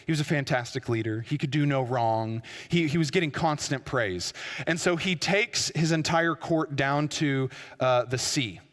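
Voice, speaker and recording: Male preacher, slightly high voice, storytelling sermon with fillers, long church-hall reverb. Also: normal speed, fairly bright tone. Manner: storytelling, with frequent fillers and restarts.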